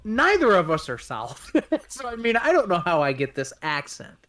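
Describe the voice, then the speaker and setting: A man's voice: sits high, wildly swooping pitch, moderate pace, fairly bright tone, far from the mic. A man from Iowa with a slight Western twang, co-hosting a casual podcast chat. He teases playfully. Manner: teasing, playful. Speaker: podcast co-host.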